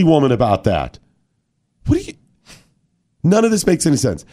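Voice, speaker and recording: A man's voice: fairly high pitch, wildly swooping pitch, moderate pace, warm tone. A man hosting a talk radio show, ranting emphatically with mocking quotes. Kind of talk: opinionated talk radio commentary.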